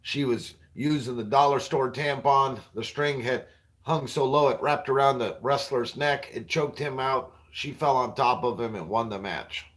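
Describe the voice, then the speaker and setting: A man in his forties riffs loosely through off-color jokes and banter with his viewers, in a middle-pitched voice. He rambles from one line to the next and breaks into laughter at his own punchlines. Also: moderate pace, a bit bright. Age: 40s. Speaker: livestream host. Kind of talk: crude stand-up style banter with viewers.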